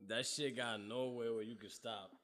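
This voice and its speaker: A man telling a story in casual chat, loud and laughing, swearing a lot with slang, from South Florida. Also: mid-range voice, fairly even intonation, moderate pace, over loud music.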